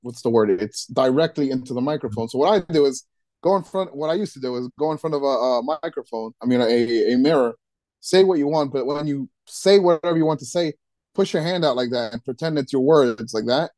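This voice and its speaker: A man's voice: medium pitch, a little mellow, dry recording. Male wedding DJ/MC, casual podcast guest, stop-start delivery, dry studio sound. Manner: halting, with many restarts and repeated words. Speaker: wedding DJ and MC giving advice.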